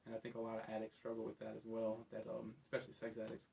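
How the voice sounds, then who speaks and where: A man's voice: fairly low pitch, completely flat delivery, racing, creaky, mellow, slight background noise, low-quality recording. A man in recovery talking earnestly and confessionally as a podcast guest. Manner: earnest, confessional, many fillers. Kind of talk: personal testimony in casual talk.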